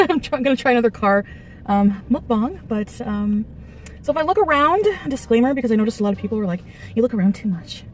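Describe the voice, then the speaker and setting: A woman's voice: a little high, expressive, brisk, slight background noise. A woman in her thirties telling a casual storytime from her parked car, chatty and laughing often, stopping to eat between sentences. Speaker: vlogger.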